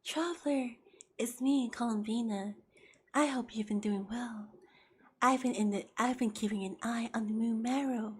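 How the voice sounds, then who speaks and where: A woman voicing a soft-spoken, lonely young woman in a whispered role-play, with a breathy near-whisper and slow, drawn-out phrasing. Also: fairly high pitch. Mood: dreamy.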